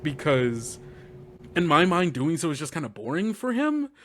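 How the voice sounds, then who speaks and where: A man, a game master guest, retelling a tabletop campaign session in a lively, rambling way, often laughing and filling gaps with "like.". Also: a little high, moderate pace, slight background noise. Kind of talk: animated storytelling recap.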